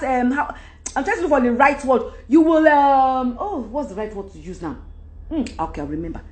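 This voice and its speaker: A Nigerian woman in her forties talking straight to camera in a casual, emphatic monologue, jumping from point to point. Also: on the high side. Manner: animated, emphatic, jumps between topics. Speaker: actress giving advice.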